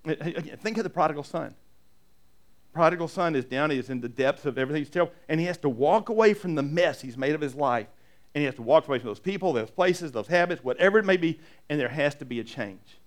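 Pastor, male, slightly high voice, talky sermon delivery with restarts and rhetorical questions. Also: animated, quick pace. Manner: conversational preaching with repetitions and rhetorical questions.

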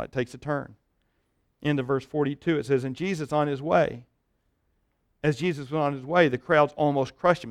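Animated pastor preaching a sermon. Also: male voice, on the high side, no room sound, clean studio sound. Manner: animated storytelling, dropping to a hush for tender moments; repeats words and restarts while thinking aloud.

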